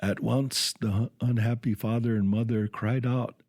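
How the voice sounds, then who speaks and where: A man reading a storybook tale aloud on a radio culture program, halting now and then to restart words. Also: medium pitch, fairly even intonation, darkish tone, dry recording, clean studio sound.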